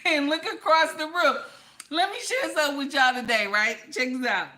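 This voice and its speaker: Woman, livestream host, bright voice, slightly high, animated, teasing. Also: normal speed. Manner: animated, teasing, talks straight to chat viewers. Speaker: livestream host reading chat. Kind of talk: casual reaction livestream chat.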